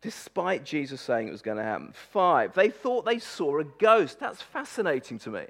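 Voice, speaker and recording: A male preacher giving a conversational sermon with a fairly high voice. He speaks emphatically and with lively energy, and he often stumbles and repeats words mid-thought. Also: normal speed, gravelly. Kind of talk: conversational sermon on a Bible passage.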